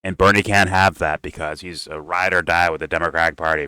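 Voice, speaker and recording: Man, commentator, heated rant, clear, dry close sound. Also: deep voice, steady tone, brisk, pushed and bright, no echo. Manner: heated, profane and sarcastic. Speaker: political commentator. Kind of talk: casual reaction rant.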